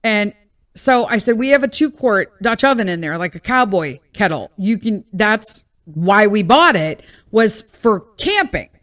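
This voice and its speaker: A woman's voice: medium pitch, very animated, measured pace, a bit bright. A woman, hosting a podcast and venting bluntly in a casual, exasperated monologue, swearing freely. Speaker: podcast host.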